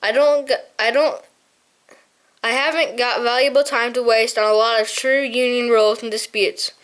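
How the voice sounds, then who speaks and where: A stubborn young mouse warrior, as a woman reads him aloud, curt and impatient in a somewhat lower tone than her narration. The voice stays light and high-set, like a storybook reading. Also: steady tone, moderate pace, fairly bright tone, clear, resonant tone, natural voice. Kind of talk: audiobook reading.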